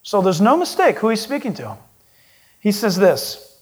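High-voiced, emphatic male pastor. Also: wildly swooping pitch, moderate pace, long pauses. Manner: emphatic, swings his pitch for stress. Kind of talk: sermon.

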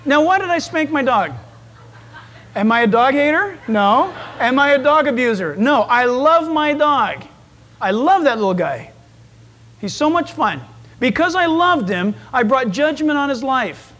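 Male preacher, very high voice, lively storyteller who acts out voices. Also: unhurried. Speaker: pastor. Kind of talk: sermon.

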